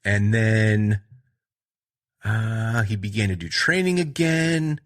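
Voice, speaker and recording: A man's voice: fairly low pitch, takes it slowly. A man hosting a podcast, retelling a movie in a loose, rambling way with lots of fillers and restarts. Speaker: podcast host.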